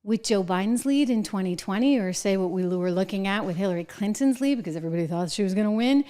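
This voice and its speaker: A middle-aged woman hosting a political commentary show, talking in an animated, sarcastic way with mocking asides. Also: medium pitch, quick pace.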